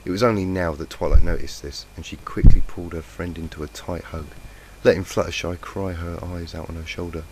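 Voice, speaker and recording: A croaky man with a cold reads a fanfic aloud in a plain, lightly emotive way, his low, darkish voice fairly even and quick with hardly any pauses. It's recorded on a cheap, faulty home mic that sounds noisy and lo-fi.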